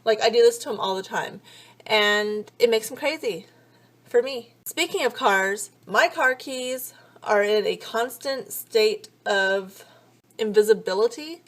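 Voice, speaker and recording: A woman in her thirties with a slightly high voice talks straight to her camera. She tells stories in a chatty, sarcastic way and swears freely. She acts out both sides of every exchange. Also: measured pace. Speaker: vlogger. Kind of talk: casual comedic storytelling.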